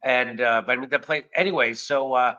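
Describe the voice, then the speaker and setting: Male host, bright forceful voice, lively swearing raconteur, slightly muffled audio. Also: medium pitch, fairly quick. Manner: animated, profane, acts out quoted dialogue. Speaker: podcast host. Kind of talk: casual storytelling chat.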